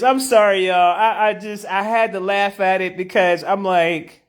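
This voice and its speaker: A woman hosting a live stream, giving casual commentary in an animated, slangy way and laughing often. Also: medium pitch, moderate pace, few pauses. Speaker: livestream host.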